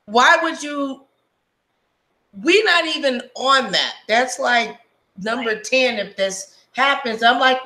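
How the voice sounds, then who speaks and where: A woman hosting a casual live stream, telling stories in an animated, blunt way and swearing freely. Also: high-pitched, slow pace, echoey room, low-quality recording.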